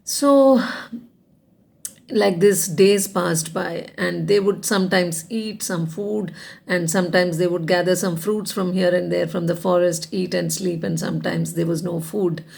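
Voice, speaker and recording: A woman's voice: fairly low pitch, steady tone, a little slow, vocal fry, darkish tone, husky. A woman casually telling a folk tale, conversational and full of "you know" asides. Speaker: storyteller. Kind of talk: casual oral storytelling.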